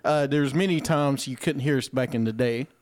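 A man hosting a live podcast from a studio, talking in an excitable, teasing way and laughing often. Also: mid-range voice, normal speed. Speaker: podcast host. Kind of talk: casual chat. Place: broadcasting school studio.

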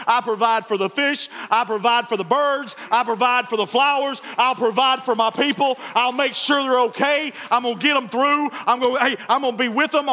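A defiant biblical prophet, as a preacher acts him out, proclaiming in a very high, sharp voice. The words ring out with a long reverb, as in a church hall. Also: male voice.

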